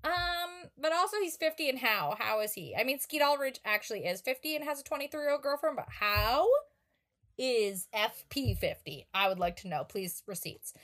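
A woman's voice: high voice, animated, normal speed, fairly bright tone. A woman co-hosting a casual recap podcast, joking and sarcastic. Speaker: podcast co-host.

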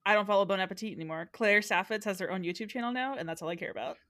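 A woman's voice: mid-range voice, very fast, fairly bright tone, dry recording. A woman recapping a show in casual podcast chat, giggly, with dry jokes.

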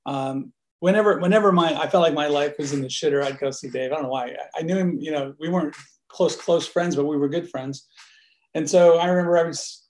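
Interview guest, man, relaxed storyteller, fairly high voice, roomy echo. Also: fast. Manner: relaxed storytelling, acts out quoted dialogue. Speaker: producer and studio owner, guest. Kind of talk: casual interview chat.

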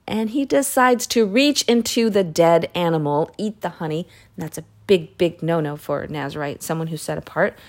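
A woman's voice: fairly low pitch, normal speed, hardly any pauses. A woman casually retelling Bible stories in a chatty way, with self-corrections and side remarks. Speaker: Bible reading podcaster.

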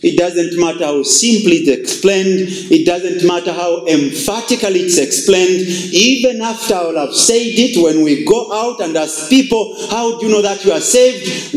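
A man preaching a sermon as pastor, emphatic and repetitive, with wide swings in pitch for emphasis. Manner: emphatic, repeats phrases, shifts pitch widely for emphasis. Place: church. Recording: echoey church hall.

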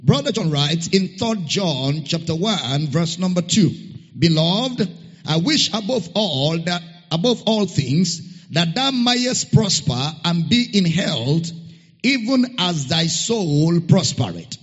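Male pastor, high husky voice, slow emphatic scripture reading, reverberant hall. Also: sing-song. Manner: spells out a Greek word letter by letter. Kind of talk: sermon. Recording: muffled sound with long hall reverb.

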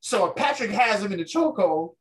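Animated man telling a street-fight story. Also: high-pitched, fairly quick. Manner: animated storyteller, acts out other people's voices. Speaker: guest, ring announcer. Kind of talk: storytelling in a casual interview.

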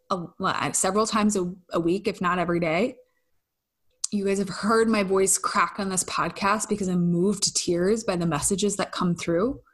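A woman hosts a casual solo podcast, speaking at a middling pitch in a candid, effusive, emotionally open way. She swears casually now and then, sighs and laughs between thoughts, and often trails off and restarts her sentences.

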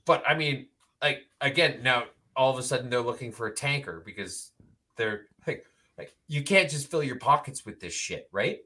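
A man co-hosting a casual comedy chat, making wry deadpan quips with lots of fillers. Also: medium pitch, normal speed. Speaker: podcast co-host.

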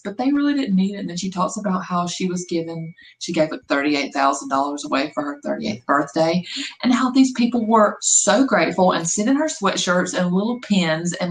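A woman's voice: on the low side, poor audio. A woman in her thirties co-hosting a casual book chat, talking with lots of fillers and quoting herself. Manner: chatty, filler-heavy with acted quotes. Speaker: podcast co-host.

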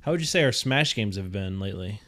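A young man co-hosting a podcast, talking in a relaxed, hesitant way with casual swearing. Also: lowish voice, quick pace. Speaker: podcast co-host. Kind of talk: casual chat.

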